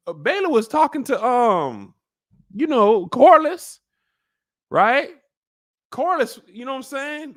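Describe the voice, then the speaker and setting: A man hosting a comedic TV recap, riffing in a slangy, animated way. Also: very high voice, slow, pauses often.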